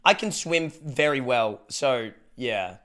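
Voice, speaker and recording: A man's voice: mid-range voice, animated, takes it slowly, fairly bright tone. An Australian man streaming live, chatting loosely with viewers, swearing now and then and thanking them for subs. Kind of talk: casual live-stream chat.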